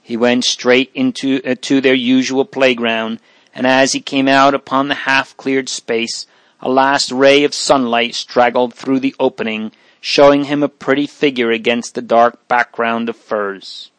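A man reads a story aloud in a steady, even way. There are small slips and restarts now and then. The recording is dry and close. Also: medium pitch, a little slow, no room sound. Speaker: narrator. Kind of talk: audiobook narration.

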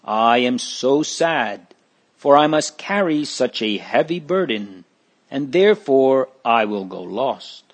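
Male narrator doing a frightened, burdened father; slow, pleading storybook voice. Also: mid-range voice, expressive. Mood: despairing. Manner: desperate, pleading. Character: anguished father with a heavy burden.

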